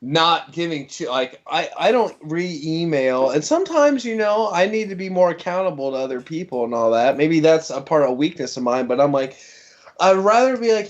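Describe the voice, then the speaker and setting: A man's voice: fairly high pitch, very animated, moderate pace. A man chatting casually as a livestream guest, laid-back, laughing often and swearing loosely. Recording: dull lo-fi audio.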